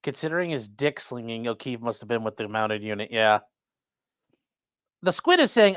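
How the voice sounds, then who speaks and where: This mid-range voice keeps a moderate pace but pauses often, recorded in studio quality with no room sound. The host streams casually from home, talking to chat and the dog alike: reading comments, swearing freely, rambling with animation, and calming the pup between remarks.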